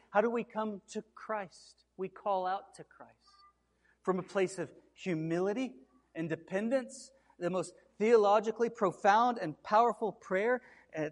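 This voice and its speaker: A man delivers a sermon in a high, ringing voice. He drives his points home with emphatic repetition. His words echo through a hall with a long reverb. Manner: preaching with rising intensity, repeated emphatic cries. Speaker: pastor.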